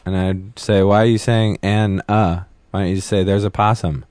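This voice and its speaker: Laid-back podcast host, dry close sound. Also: male voice, low-pitched, normal speed, clear, resonant tone, dry recording. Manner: relaxed, laid-back, amused storyteller. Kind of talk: casual chat.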